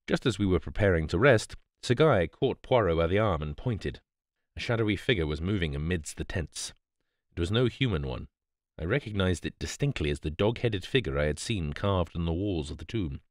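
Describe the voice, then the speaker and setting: Deep-voiced man reading a bedtime audiobook. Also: animated, normal speed, no room sound, clean studio sound. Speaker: audiobook narrator. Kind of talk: scripted bedtime audiobook narration.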